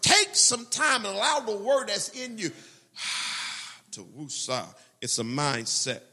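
Pastor animado de voz alta e rouca. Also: male voice, sits high, slow pace, breathy edge. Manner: animated preaching, quoting prayers and scripture with shifting intensity. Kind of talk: sermon.

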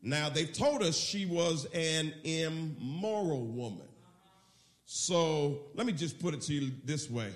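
Male pastor, sermon, acts out the story, high and very lively pitch, echoey room. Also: takes it slowly. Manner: animated, acts out the scene in storytelling.

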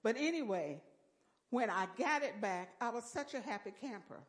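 An older woman giving a folksy church testimony with lively storytelling and exclamations of praise. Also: on the high side, normal speed.

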